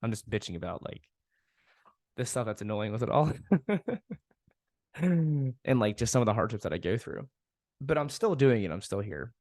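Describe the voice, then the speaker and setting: A man's voice: lowish voice, expressive, normal speed, pauses often, darkish tone, no echo, studio quality. A young man hosting a podcast, talking casually and frankly, venting with frequent swearing and laughing at himself. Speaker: podcast host. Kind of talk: casual solo podcast monologue.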